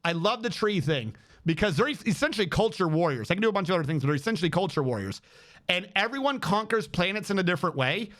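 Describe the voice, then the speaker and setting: A male streamer giving rambling, excitable gameplay commentary with lots of fillers. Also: high voice, fast talker.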